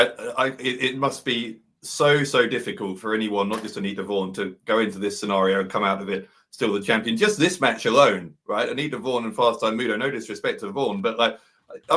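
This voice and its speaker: An excitable man talks on a wrestling preview panel over a video call. He stammers and restarts as his thoughts race ahead. His pitch sits in the middle. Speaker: guest panelist. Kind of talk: casual preview chat.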